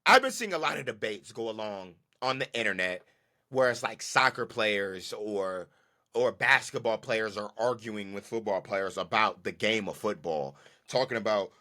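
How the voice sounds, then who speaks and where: A man's voice: medium pitch, sing-song, moderate pace, pushed and bright. A man hosting a podcast, ranting about football in an emphatic, slangy way and repeating his points. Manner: slangy and casual. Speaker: podcast host. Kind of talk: solo football commentary.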